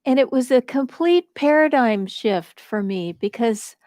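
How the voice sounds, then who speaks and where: An American woman telling a personal story at a devotional gathering, slow and reflective, with light laughter. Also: a little high, expressive, mellow, no echo. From United States.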